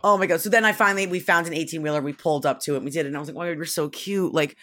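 A woman's voice: low-pitched, rapid-fire, fairly bright tone. A woman in her thirties co-hosting a casual podcast chat, telling family stories and acting out the voices of her kids and husband. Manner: chatty storyteller, acts out family members. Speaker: podcast co-host.

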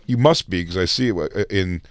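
A man in a casual chat, relaxed and making joking asides. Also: low voice, brisk, no echo. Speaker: comedian guest.

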